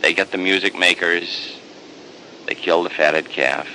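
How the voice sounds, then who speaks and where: Priest, male, dramatic storyteller, bright and lively, faint hiss behind. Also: low voice, measured pace, low-quality recording. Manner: animated, repeating words in bursts.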